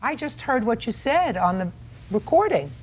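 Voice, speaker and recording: Older lady judge, blunt, cuts ppl off, pitch all over the place. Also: very animated, normal speed, a little hiss or hum. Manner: blunt, cutting, interrupts often. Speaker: TV courtroom judge. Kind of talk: stern courtroom questioning. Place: TV courtroom set.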